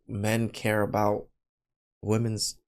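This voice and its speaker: A podcast co-host reacting to a clip with blunt, incredulous comments and loud exclamations. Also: female voice, very deep voice, monotone, slow.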